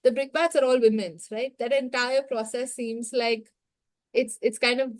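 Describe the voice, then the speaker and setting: Woman host, measured and thoughtful, somewhat high voice. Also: fairly even intonation. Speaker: book club moderator. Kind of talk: moderating a discussion.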